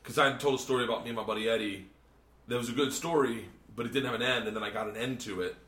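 Comedian guy telling a story, cussing, bright forceful voice, echoey hotel room. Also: mid-range voice, racing. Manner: swearing, animated, rambling storyteller. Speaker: podcast host and comedian. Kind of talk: casual storytelling chat. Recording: roomy hotel room echo.

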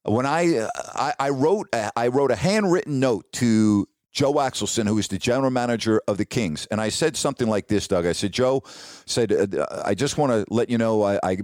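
A middle-aged man, a sportscaster, telling stories from his career in an animated, anecdotal way. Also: medium pitch, fairly quick, no room sound, clean studio sound. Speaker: sportscaster guest. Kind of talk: casual storytelling on a podcast.

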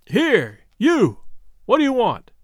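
A man voicing a big, menacing male poacher who shouts threatening warnings across the water. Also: very high-pitched, huge pitch swings, slow pace, no room sound, studio quality, voice pushed up, heavily acted.

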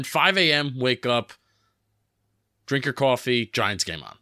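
A man's voice: medium pitch, big pitch swings, slow, sharp tone, dry recording, studio quality. A man co-hosting a casual sports podcast, with jokey, playful banter. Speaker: podcast co-host.

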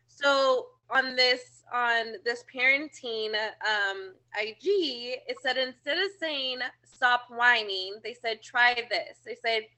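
A woman's voice: a little high, takes it slowly, bright, forceful tone. A woman co-hosting a casual chat about parenting, sharing examples from home. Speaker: podcast co-host, parent.

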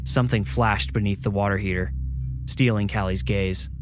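A man narrating a scripted horror story in a measured, suspenseful way. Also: fairly low pitch, steady tone, faint music behind.

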